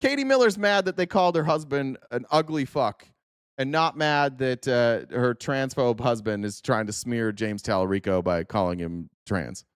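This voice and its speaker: A man's voice: mid-range voice, moderate pace, smooth, dry recording. Fiery American male host, cursing and mocking political foes, dry close sound. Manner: profane, angry, mocking. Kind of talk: livestream political rant.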